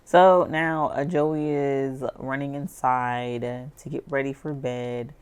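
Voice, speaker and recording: A woman's voice: a bass voice, fairly even intonation, slow pace, clean tone. A woman chatting animatedly as she narrates life-sim gameplay, often saying "like". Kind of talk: casual storytelling over life-sim gameplay.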